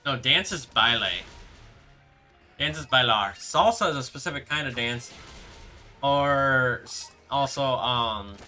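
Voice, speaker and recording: Young male streamer, ringing bright tone, rambling and halting, quiet music underneath. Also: mid-range voice, animated. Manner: rambling, halting, reads chat aloud and answers. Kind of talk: casual live-stream chat. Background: background music.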